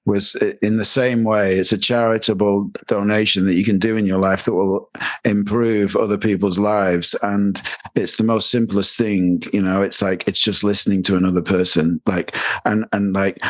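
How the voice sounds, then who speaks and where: A man's voice: fairly low pitch, no room sound. A man, a psychotherapist guest on a podcast, talking in an earnest, reflective way with many fillers. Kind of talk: casual interview chat.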